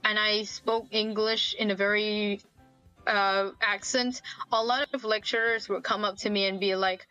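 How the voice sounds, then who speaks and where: A young woman from Malaysia, a university student, chatting as an interview guest and telling stories in an animated way. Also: mid-range voice, unhurried, clear, resonant tone, faint music behind, poor audio. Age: young adult. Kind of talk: casual video interview chat.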